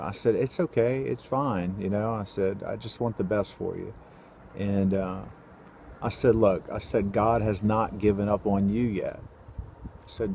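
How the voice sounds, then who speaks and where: A man telling a personal faith story to camera, earnest and halting, with many fillers and restarts. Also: low voice, mellow, a little hiss or hum. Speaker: ultrasound technician sharing a faith story. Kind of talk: casual testimony to camera.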